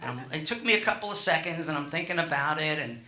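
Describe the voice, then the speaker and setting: A man's voice: a little high, expressive, fast talker, sharp tone, echoey room. A middle-aged man doing stand-up, telling a rambling story with chuckles and many fillers. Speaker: stand-up comedian.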